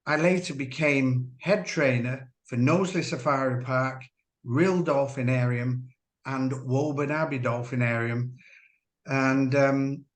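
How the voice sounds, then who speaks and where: A man, a former dolphin trainer, giving earnest personal testimony as an interview guest, measured and halting with restarts. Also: medium pitch. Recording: roomy echo.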